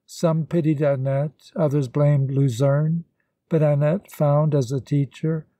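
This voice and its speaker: A man narrating a classic novel as an audiobook, reading in a steady, even manner. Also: fairly high pitch, takes it slowly, no room sound.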